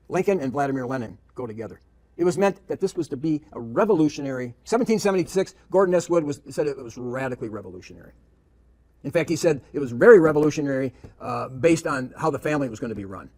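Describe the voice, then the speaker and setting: A man with a slightly high-pitched voice preaches in an emphatic lecture style. He throws out rhetorical questions and hammers home points by repeating them. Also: big pitch swings, fast, a little mellow. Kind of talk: preaching lecture with read-aloud quotations.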